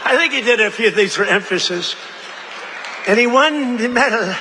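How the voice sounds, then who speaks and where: A man's voice: very high-pitched, lively intonation, normal speed, noisy background. A man giving a rambling, conversational rally speech with asides to the crowd, in a large venue. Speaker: political speaker at a rally. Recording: long reverb from a large venue, faint crowd ambience.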